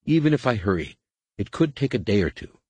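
A man's voice: lowish voice, big pitch swings, brisk, a little mellow, breathy edge, no room sound, voice pushed up. A man voicing a tense young male Jedi in disguise, speaking urgently.

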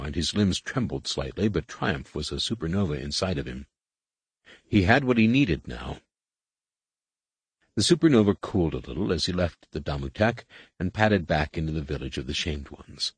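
A man narrating an audiobook in steady, measured scripted narration. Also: low-pitched, slightly rough, dry recording.

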